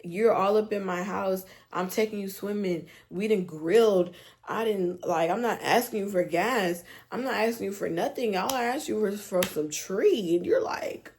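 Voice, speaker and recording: Animated, slangy young woman vlogger. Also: mid-range voice, normal speed. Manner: animated, slangy, exasperated ranting. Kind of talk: storytime vlog.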